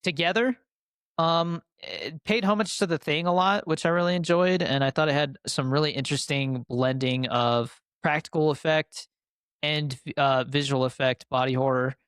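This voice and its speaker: A young adult man co-hosts a podcast, chatting casually and enthusiastically about his favorite films in a rambling way packed with fillers. His voice is a little high, a bit bright and smooth, at normal speed, recorded dry with clean studio sound.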